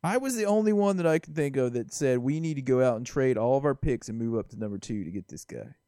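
A man's voice: medium pitch, lively intonation, quick pace, mellow, dry recording, studio quality. A man co-hosting a podcast, chatting casually and enthusiastically about football, laughing often. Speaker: podcast co-host. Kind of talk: casual sports chat.

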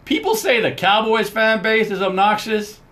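A man co-hosting a casual sports podcast, excitable and playful. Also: sits high, moderate pace. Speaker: podcast co-host.

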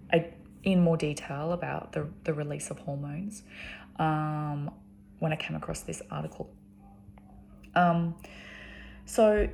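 Low gravelly Australian woman rambling. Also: darkish tone, a little hiss or hum. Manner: frequent ums and restarts, chatty. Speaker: vlogger. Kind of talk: rambling casual talk.

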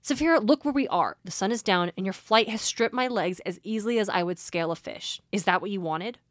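A woman's voice: mid-range voice, a little fast, dry recording, natural voice. A woman reading the lines of a teenage boy hero who confronts his dragon, urgent and pleading, in a close, dry recording.

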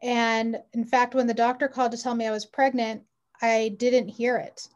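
A woman's voice: a little high, little pitch movement, normal speed, darkish tone, dull audio. A woman in her forties, an interview guest telling her personal story in an earnest, heartfelt way with frequent ums. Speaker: mother.

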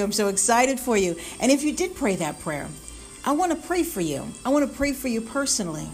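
A woman's voice: medium pitch, big pitch swings, normal speed, a little mellow. Woman reading old bible verses then preaching, earnest, faint music behind, mid voice. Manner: earnest, repeats words after slips. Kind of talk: Bible reading and closing prayer.

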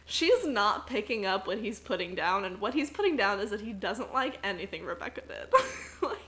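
Over a low-quality recording, a young female podcast co-host talks at normal speed in a mid-range voice. She recaps a movie casually and animatedly, performing the characters' lines with laughter.

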